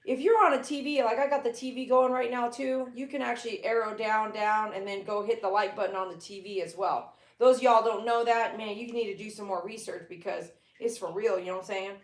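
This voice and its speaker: A woman's voice: steady tone, fairly quick, few pauses, echoey room. A woman, a pet groomer chatting casually on a live stream from her living room and cooing at her dogs. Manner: chatty, talks to her dogs in a high baby voice. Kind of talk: casual livestream chat.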